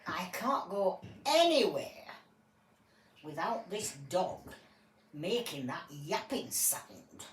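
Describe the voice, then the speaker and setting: A woman's voice: lowish voice, big pitch swings, takes it slowly, recorded from a distance. A woman voicing a fed-up male cartoon dog who complains to a judge, mimicking yapping noises. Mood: grumbling. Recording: echoey room, voice from afar, faint hiss.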